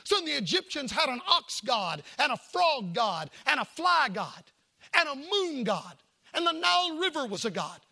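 Pastor, high bright voice, gravelly edge, folksy and emphatic from the pulpit. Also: male voice, very animated, normal speed. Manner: folksy, emphatic Southern-style preaching with jokes and asides. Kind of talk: sermon.

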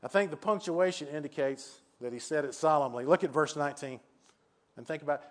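An older male preacher gives an earnest sermon at a fairly quick pace, his voice pitched a little high for a man. He repeats key phrases and relies on rhetorical questions to hammer each point home.

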